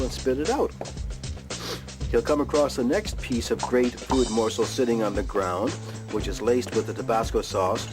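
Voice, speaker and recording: A man teaching dog tricks in a plain, explaining way, with bursts of high, cheerful praise for the dog. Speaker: dog trainer. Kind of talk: instructional talk. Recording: music playing underneath.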